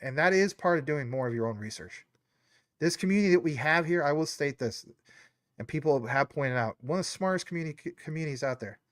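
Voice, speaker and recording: A man's voice: on the high side, animated, fairly quick, a bit bright, dry recording, clean studio sound. A man hosting a live stream, talking in a rambling, casual way with lots of fillers, his nose a bit stuffy. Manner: rambling, many fillers and tangents. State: stuffy nose, a little choked up. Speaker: livestream host.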